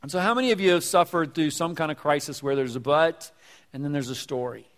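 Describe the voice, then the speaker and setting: A male pastor with a fairly high voice preaches in a casual, conversational way, stumbling over and repeating words and turning to the congregation with questions. His voice rings out with a long reverb, as in a church sanctuary. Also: fast, fairly bright tone. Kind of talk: sermon.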